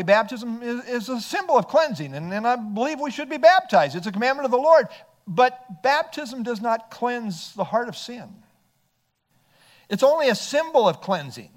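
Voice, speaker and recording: Lively high-voiced male preacher. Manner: earnest expository preaching, reads scripture aloud. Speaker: pastor. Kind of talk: sermon.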